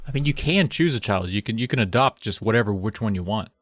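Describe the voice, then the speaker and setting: A man's voice: fairly low pitch, expressive, quick pace. A man co-hosting a comedy podcast, rambling through a story recap, losing his place and laughing at his own jokes. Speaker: podcast co-host retelling a book. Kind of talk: casual comedic chat.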